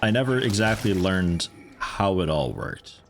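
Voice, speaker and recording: An unhurried man with a deep voice and big pitch swings provides casual commentary on his game stream. He drifts from thought to thought, throwing joking remarks to chat.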